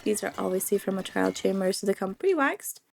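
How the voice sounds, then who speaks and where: Soft music plays behind a young woman whose mid-range, gravelly, darkish voice is affected by a cold. Animated and fairly quick, the gaming video creator chats and giggles through a casual let's-play, talking to the game's creatures.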